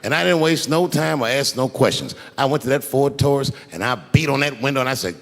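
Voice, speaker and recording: A man doing stand-up comedy, telling a story in an animated, profane way. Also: medium pitch, brisk, vocal fry, big-room sound.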